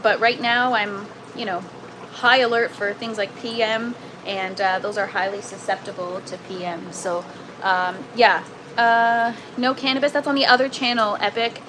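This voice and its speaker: A woman's voice: medium pitch, fairly even intonation, normal speed, background noise. A Canadian woman casually hosting a gardening livestream from an indoor grow tent, chatting and answering viewer comments. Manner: chatty, self-deprecating, reads out viewer comments.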